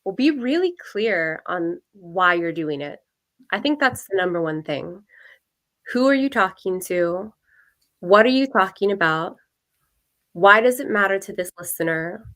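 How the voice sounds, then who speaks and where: A woman speaking as a guest coach, giving clear, practical advice in a measured way. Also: on the low side, bright, forceful tone. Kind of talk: advice in an interview.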